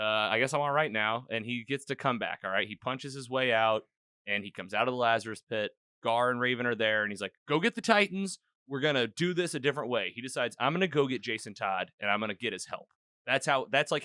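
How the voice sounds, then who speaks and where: A man with a medium-pitched, pushed, bright voice recaps a podcast episode on his own mic, in a dry, studio-quality recording. He rambles loosely, says "like" a lot, and acts out the characters' lines.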